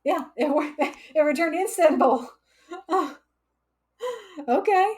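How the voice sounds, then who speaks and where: A woman's voice: sits high, animated, slow, a little mellow. A woman hosting a casual live coding stream, chatty and laughing often as she reads chat aloud. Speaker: livestream coding instructor.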